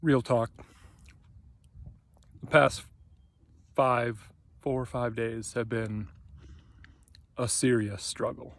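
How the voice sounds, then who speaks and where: Slow-talking, hesitant male vlogger outdoors. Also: medium pitch, steady tone, gravelly. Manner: candid, hesitant, with fillers and restarts. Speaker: bikepacking vlogger. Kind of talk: casual self-filmed vlog. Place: outdoors on a mountain pass.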